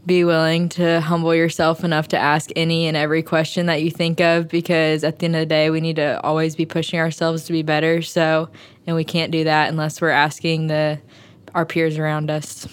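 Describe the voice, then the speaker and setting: A woman's voice: low-pitched, completely flat delivery, fairly quick, clean tone. A young woman intern giving earnest interview answers, often saying "like" as she talks. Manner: earnest, uses filler "like".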